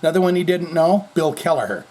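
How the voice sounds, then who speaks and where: Husky-voiced rambling podcast host man. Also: a little high, lively intonation, fast talker. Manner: rambling, jokey and profane with sudden swings in loudness. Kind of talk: casual heavy metal news podcast. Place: home. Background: people moving things around.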